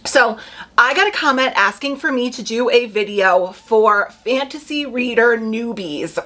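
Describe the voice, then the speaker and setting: A young woman chatting casually to camera about book picks, full of quick asides and "like". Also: on the high side, fairly bright tone. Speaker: booktube creator.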